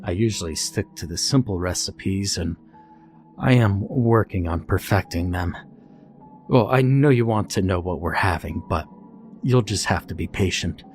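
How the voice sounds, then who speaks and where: A man's voice: low voice, moderate pace, darkish tone, soft background music, close to an everyday voice. A man voicing a cheerful, overly comfortable male captor who coaxes his prisoner like a proud host cook. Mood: coaxing. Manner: chipper, coaxing, overly comfortable.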